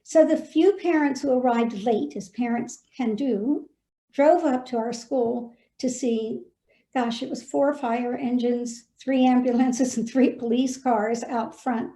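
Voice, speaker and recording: A woman's voice: on the high side, measured pace, roomy sound. A woman who was a head of school, telling a personal story and giving earnest, heartfelt advice to school leaders over a video call. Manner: earnest, heartfelt, gently urging. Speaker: former head of school, guest speaker.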